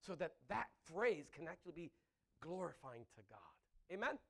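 Man preacher, high voice, wildly swinging pitch, laughs mid-thought, calls for amens. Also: normal speed, gravelly. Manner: animated, often asks the congregation "Amen?"; breaks into laughter mid-sentence. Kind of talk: sermon.

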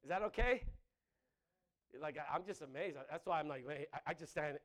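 Man preacher, high voice, wildly swinging pitch, laughs mid-thought, calls for amens. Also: a little fast. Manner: animated, often asks the congregation "Amen?"; breaks into laughter mid-sentence. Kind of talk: sermon.

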